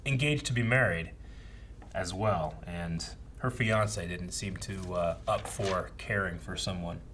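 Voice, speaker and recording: A man's voice: low voice, unhurried, a bit bright. A young man co-hosting a reaction show, talking through his thoughts casually with plenty of fillers. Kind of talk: casual discussion. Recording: faint background noise.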